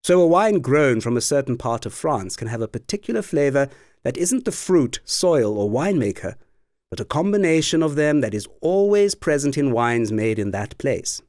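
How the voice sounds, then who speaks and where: A man giving scripted educational narration for a wine course, with a clear, explanatory delivery. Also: mid-range voice, sing-song, normal speed, a little mellow, no echo, clean studio sound.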